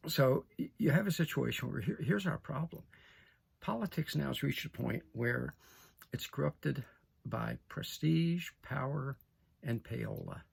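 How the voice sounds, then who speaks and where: Older male commentator, gravelly and husky, emphatic and repetitive. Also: medium pitch, lively intonation, normal speed. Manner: emphatic, repeats phrases, asks "okay?". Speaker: political commentator. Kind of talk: opinion monologue to camera.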